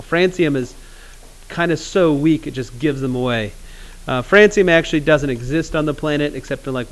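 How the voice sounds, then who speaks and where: A man teaching chemistry in a classroom, casual and joking, with awkward pauses. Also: mid-range voice. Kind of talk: classroom lecture.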